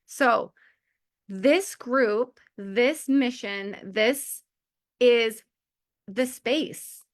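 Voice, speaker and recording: A woman in her forties, speaking extremely slowly in a fairly high-pitched voice, offers a heartfelt motivational talk to a community of mothers. She is chatty, uses "like" constantly as filler, and laughs often.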